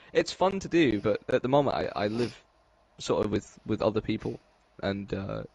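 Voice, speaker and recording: A man's voice: on the low side, animated, a little slow, creaky, darkish tone, no room sound, highs cut off. An English man chatting casually on a podcast, laid-back and rambling, chuckling often. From England. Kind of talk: casual chat.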